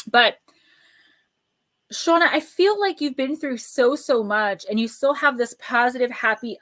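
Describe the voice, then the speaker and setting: A fairly high-pitched woman chatting casually on a live stream as she gives oracle card readings to viewers. She talks to them by name in an affectionate, easygoing way and slips into a slow, soothing delivery when reading card messages aloud. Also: a bit bright.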